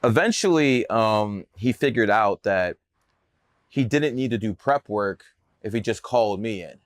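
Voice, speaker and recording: A man's voice: on the low side, animated, measured pace, dry recording. A man telling stories in a casual interview, brash, boastful and profane. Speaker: podcast guest telling his story.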